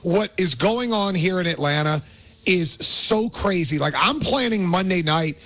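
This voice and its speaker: A man's voice: high-pitched, animated, measured pace, fairly bright tone. A man hosting a sports radio show in an upbeat, chatty way. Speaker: radio host.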